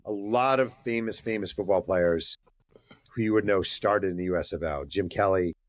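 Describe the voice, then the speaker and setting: A male writer tells stories casually and acts out the dialogue. His voice sits low, and the sound is dry and close. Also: normal speed, no echo. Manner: lively storyteller who acts out dialogue and uses many fillers. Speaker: author, podcast guest. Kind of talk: casual interview storytelling.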